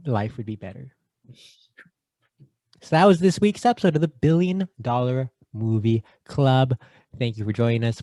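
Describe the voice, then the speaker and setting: Male co-host, playful banter, rattles off shout-outs, mid-pitched, close dry mic. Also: no room sound. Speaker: podcast co-host. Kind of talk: casual chat.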